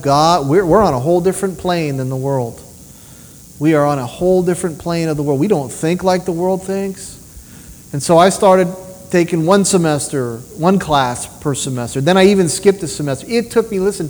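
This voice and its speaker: A man preaching a sermon with personal testimony, telling stories in an animated way and asking rhetorical questions. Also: on the high side. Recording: long reverb of a large hall.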